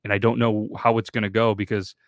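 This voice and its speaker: A man's voice: fairly low pitch, little pitch movement, fast talker, no room sound. A man hosting a podcast, rambling casually and swearing in loose banter. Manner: rambling, swearing, self-conscious. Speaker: podcast host.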